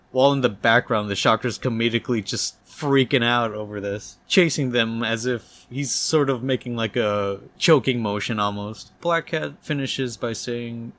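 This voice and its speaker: A man reviewing a comic book, retelling the plot in a plain, steady, casual way. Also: mid-range voice, unhurried, few pauses.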